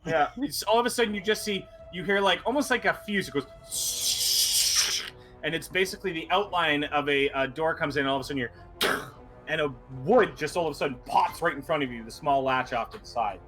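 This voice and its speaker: Dungeon master: bright, somewhat high male voice, narrates haltingly with fillers. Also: soft background music. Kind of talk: narrating a tabletop game.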